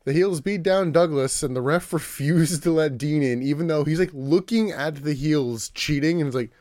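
A man with a slightly high voice recaps casually for a podcast, rambling and leaning on filler words. He drops into little put-on voices as he goes. The sound is close and dry, with no room around it. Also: moderate pace, darkish tone, dry recording. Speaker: podcast co-host recapping wrestling.

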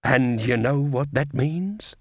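Grim voodoo woman, voiced by a man, slow drawl, rolling growl, storybook reading, dry sound. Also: medium pitch, lively intonation, no echo. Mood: knowing.

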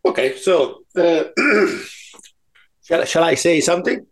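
A man in his fifties with an Italian accent, chatting casually on a podcast, halting often with fillers and restarts and joking at his own expense. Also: fairly high pitch, sing-song. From Italy. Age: 50s. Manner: hesitant, many fillers and restarts, self-mocking humour. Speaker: podcast co-host. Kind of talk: casual chat.

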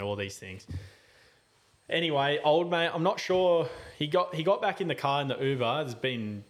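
A man's voice: mid-range voice, normal speed, fairly bright tone. A man, a podcast host telling a travel story in casual, rambling chat full of slang and fillers.

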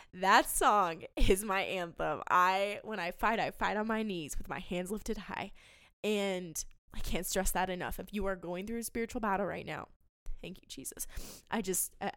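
A woman's voice: mid-range voice, a bit bright, no echo, studio quality. A young woman hosting a faith podcast, talking in an earnest, emotional way with many fillers and restarts. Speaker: podcast host.

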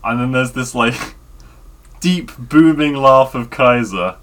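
A man co-hosting a podcast, telling stories in a rambling, animated way. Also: medium pitch, takes it slowly. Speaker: podcast co-host. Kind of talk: casual chat.

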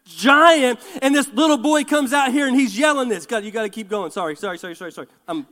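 A man preaching a fervent sermon as pastor of a church, with bursts of shouting and quick joking asides. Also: very high-pitched. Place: church sanctuary. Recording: long church hall reverb.

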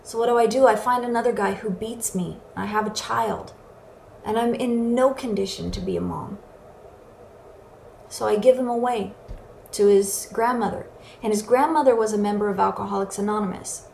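A woman's voice: medium pitch, normal speed, gravelly, a little mellow, a little hiss or hum. A woman giving an earnest, emotional personal testimony as a recovery speaker. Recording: echoey room with faint ambience.

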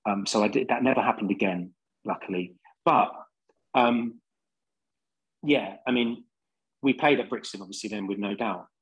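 A man's voice: lowish voice, moderate pace, pauses often, breathy edge, lo-fi sound. A man with a London accent, a band singer on a podcast, rambling through laid-back anecdotes with lots of fillers. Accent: London English. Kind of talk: casual storytelling.

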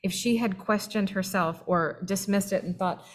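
A woman's voice: medium pitch, moderate pace. Woman cohost, earnest, talks right to the guys listening, supportive. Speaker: webinar co-host. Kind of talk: candid faith-based conversation.

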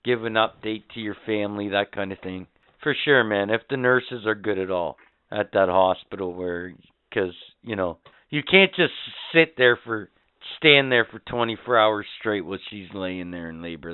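A middle-aged man talking in crude, casual podcast banter, blunt and profane as he hands out fatherly advice. His voice is smooth, and he shifts from mumbled asides to sudden loud outbursts. The sound is dry and tinny, like a phone line. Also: on the low side, lively intonation, normal speed, dry recording. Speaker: podcast co-host.

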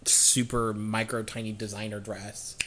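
A woman's voice: rumbling low, little pitch movement, a little slow, fairly bright tone, a little hiss or hum. A young woman co-hosting a podcast, chatting casually with blunt, sweary quips. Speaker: podcast co-host. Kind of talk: casual chat.

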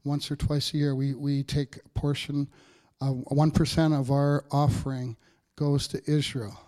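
Male pastor, slightly high voice, hint, chatty sermon delivery with "all right" asides. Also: flat delivery, unhurried, dark tone. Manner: conversational preaching, frequent "all right" checks with the congregation.

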